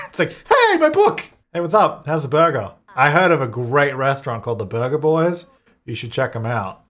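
A man's voice: mid-range voice, a bit bright. Chatty young man playing a game. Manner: chatty, laughs often, jumps between playful put-on voices. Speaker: gaming video creator. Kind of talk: playing a life-sim game with commentary.

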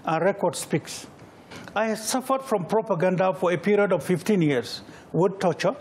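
A man's voice: high voice, darkish tone. A middle-aged Nigerian man answering interview questions, emphatic and repeating phrases for weight. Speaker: political candidate, guest.

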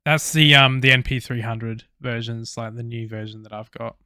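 A man's voice: mid-range voice, fairly even intonation, moderate pace, sharp tone, clean tone, no room sound, studio quality. A young Australian man co-hosting a podcast, chatting casually and rambling with fillers and swearing. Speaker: podcast co-host. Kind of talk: casual chat.

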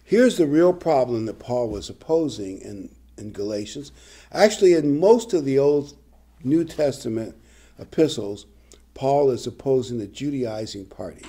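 A man's voice: medium pitch, animated, a little slow, warm tone, slightly rough. An older man preaching a sermon, reading scripture and adding conversational, humorous asides. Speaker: pastor.

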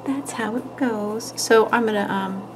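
A woman's voice: fairly high pitch, a little slow, background noise. Woman host, casual and giggly, narrating hands-on craft work; light room ambience. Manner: chatty, giggly, talks while working. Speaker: nail art tutorial host.

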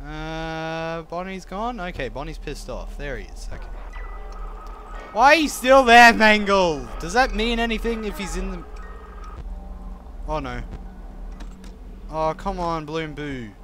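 A man's voice: on the high side, animated, unhurried, pauses often, sharp tone, a little hiss or hum. A man playing a horror game, reacting with jumpy swearing and nervous laughter. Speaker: let's play gamer.

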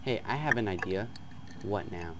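A man playing a chat game on his channel, reading the messages aloud in a flat tone and breaking into loud, excited outbursts. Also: fairly low pitch, moderate pace, loud music behind the voice. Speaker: gaming YouTuber. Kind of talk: let's play commentary, reading chat aloud.

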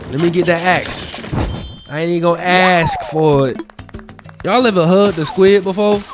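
A sleepy young man doing late-night let's-play commentary, goofy and rambling from one topic to the next. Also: on the high side. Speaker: gaming YouTuber.

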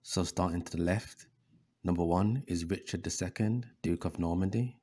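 A man's voice: sits low, moderate pace, warm tone. A man hosting a history video, narrating over images in a preachy tone, calling listeners brothers and often repeating himself with fillers. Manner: repeats words, frequent fillers and restarts.

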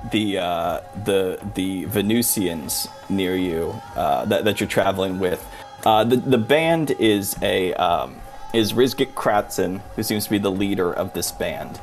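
A man narrating a tabletop game as game master, relaxed and halting. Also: low voice, soft background music. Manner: relaxed, halting, many fillers.

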